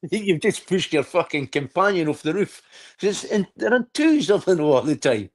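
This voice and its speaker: A man's voice: sits high, very animated, normal speed. Rambling sweary man. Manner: rambling, sweary, laughs often. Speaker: livestream host. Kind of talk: casual livestream chat.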